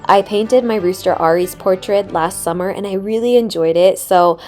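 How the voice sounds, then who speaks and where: A woman's voice: medium pitch, moderate pace, darkish tone, soft background music. A young woman hosting a vlog, giving a tender, emotional voiceover with a gushing, heartfelt manner. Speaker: vlog host. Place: voiceover recorded separately from footage.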